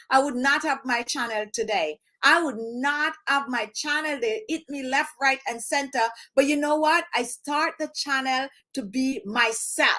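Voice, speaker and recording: This woman from Jamaica runs a beauty channel and talks informally to her camera. Her voice is high and a little bright, her H's go missing, and she repeats phrases to drive points home.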